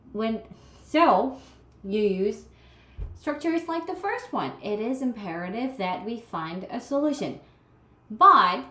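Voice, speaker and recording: Brief: Korean-accented female instructor, slow deliberate lecture delivery, slightly high voice, echoey room. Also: fairly bright tone. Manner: patient, explains step by step with examples. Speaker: writing instructor. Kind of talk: recorded lecture.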